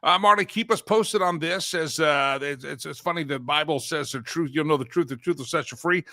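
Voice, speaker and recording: Man hosting a talk show, hammy sing-song bits, bright tone, slightly high pitch. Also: brisk, no echo. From Colorado, USA.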